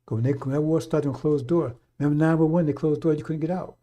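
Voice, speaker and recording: A man's voice: on the high side, steady tone, fast talker, warm tone. A middle-aged man giving a fiery, off-the-cuff radio sermon, blunt and profane, repeating his warnings over and over. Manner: blunt, profane, repetitive exhortation. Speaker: radio preacher.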